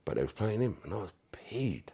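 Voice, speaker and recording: A former footballer recounting his playing days in a casual interview, animated and full of swearing, often acting out what others said. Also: on the low side, a little fast, creaky, slightly rough. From England. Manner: animated, swearing, acts out quoted voices. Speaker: former footballer, podcast guest.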